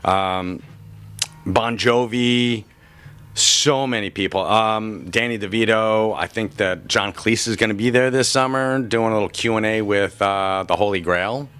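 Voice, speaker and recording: A man's voice: fairly low pitch, measured pace, fairly bright tone, smooth. A man working in a comic shop, answering interview questions in a chatty, joking way, with frequent restarts. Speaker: comic shop worker and podcaster.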